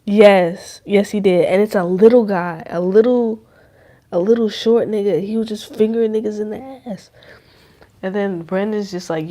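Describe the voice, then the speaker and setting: A woman's voice: mid-range voice, fairly even intonation, normal speed, mellow. A young adult woman hosting a podcast, rambling in loose, profane slang in casual chat. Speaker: podcast host.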